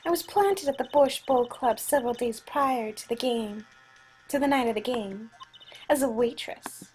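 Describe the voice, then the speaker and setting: A smug card-sharp witness, as a woman voices her. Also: fairly high pitch, moderate pace, slightly rough, faint music behind, poor audio. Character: scheming young female card-sharp witness.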